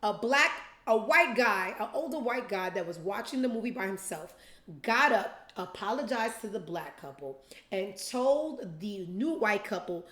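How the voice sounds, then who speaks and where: A woman's voice: medium pitch, a little slow. A young adult woman hosting a show, telling a profane story casually and acting out other people's lines in different voices. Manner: animated, profane, acts out quotes in different voices. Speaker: podcast host. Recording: roomy echo.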